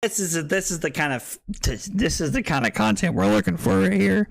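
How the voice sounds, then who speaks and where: A tipsy man hosting a card game tournament on his livestream, talking loudly and excitably, swearing freely and laughing often. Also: high voice, moderate pace, vocal fry. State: tipsy from drinking. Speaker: streamer and tournament host. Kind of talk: casual livestream commentary. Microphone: streaming microphone.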